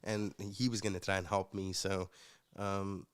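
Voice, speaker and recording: A man from Africa, a podcast guest telling his story in a casual, reflective way, pausing with fillers and restarts. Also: low-pitched, flat delivery, smooth. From South Africa.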